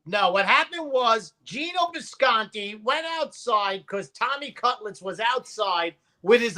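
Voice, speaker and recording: Guy, guest storyteller; punchy, bright tone, loud when he quotes people. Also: sits high. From Brooklyn, New York. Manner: animated, profane, acts out quotes loudly. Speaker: podcast guest. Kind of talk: casual storytelling.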